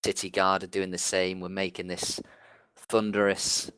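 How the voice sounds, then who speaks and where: A man playing a tabletop game, describing his character's actions in a deliberate way. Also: sits low, completely flat delivery, fairly bright tone, clean tone, dry recording. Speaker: player.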